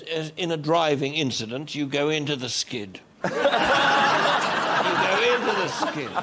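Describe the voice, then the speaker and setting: An older Australian man telling wry stories as a guest on a chat show. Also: mid-range voice. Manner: wry, unhurried storytelling. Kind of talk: anecdotal chat show talk. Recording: noisy television studio.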